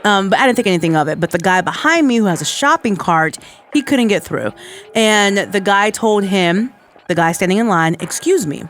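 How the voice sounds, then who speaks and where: A woman's voice: medium pitch, animated, normal speed, fairly bright tone, faint music behind. A woman co-hosting a radio show, casually telling a story. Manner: storytelling, conversational. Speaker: radio co-host.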